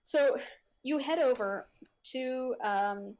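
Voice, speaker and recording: A woman's voice: medium pitch, animated, measured pace. Giggly woman running a tabletop game. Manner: rambling, giggly, full of fillers. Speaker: game master.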